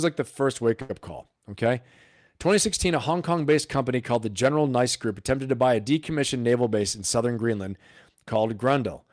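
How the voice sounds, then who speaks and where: A man hosting a casual live stream, talking straight to his viewers, animated and full of rhetorical questions. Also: medium pitch, no room sound, clean studio sound.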